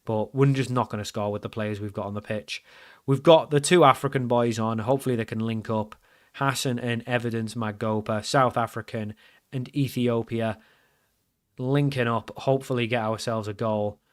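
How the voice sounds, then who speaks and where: A man giving live commentary over his own football management game, frustrated and grumbling, then suddenly loud. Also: mid-range voice, moderate pace. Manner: excitable, swings from frustrated grumbling to loud outbursts. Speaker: gaming commentator.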